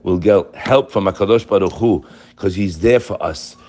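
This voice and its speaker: A man's voice: low-pitched, moderate pace, darkish tone. A man teaching a spiritual lesson. He reads Hebrew text aloud, translates it, and urges his listeners on with rhetorical questions. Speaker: religious teacher.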